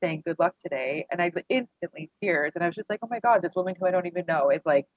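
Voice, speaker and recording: A woman's voice: lowish voice, fast talker, dry recording. A woman in an interview, candidly telling personal stories in a rambling way full of "like". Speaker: guest. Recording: dry tinny phone-like line.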